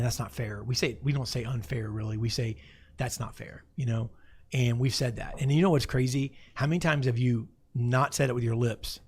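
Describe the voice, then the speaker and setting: A man hosting a faith talk show, telling stories in a lively way with many restarts. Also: mid-range voice, husky. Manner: animated storytelling with many restarts. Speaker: host.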